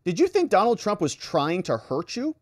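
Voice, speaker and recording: A man's voice: sits high, huge pitch swings, normal speed, darkish tone, no room sound, studio quality, voice pushed up, exaggerated voice. A man quoting a blunt male defense attorney, read in a pressing, sarcastic tone.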